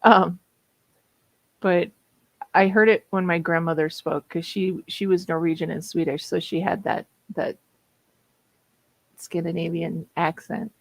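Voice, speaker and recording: A woman's voice: fairly low pitch, steady tone, normal speed, gravelly, low-quality recording. A woman in her fifties with a Minnesota accent, chatting casually and laughing often while hosting writing sprints. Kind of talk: casual livestream chat.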